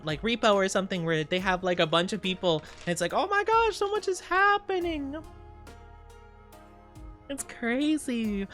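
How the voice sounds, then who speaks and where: A streamer woman with a voice at a middle pitch, gushing and bubbly as she greets her chat and wishes everyone well over and over. She peppers her talk with cutesy slang, and soft music sits faintly behind her. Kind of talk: casual livestream chat.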